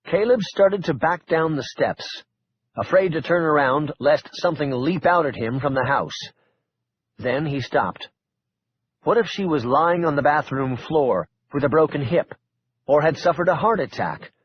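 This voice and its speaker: A man's voice: fairly high pitch, lively intonation, a little slow, dull audio, a little hiss or hum. A man narrating an audiobook thriller in a wry, dramatic storytelling manner. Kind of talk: scripted narration.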